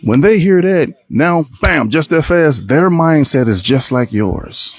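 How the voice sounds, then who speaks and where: A man hosting a solo podcast, talking to his viewers in an animated, rambling way and acting out the people he quotes. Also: fairly high pitch, measured pace. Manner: animated, plays out quoted voices, rambling restarts. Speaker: podcast host. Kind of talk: solo opinion talk to viewers.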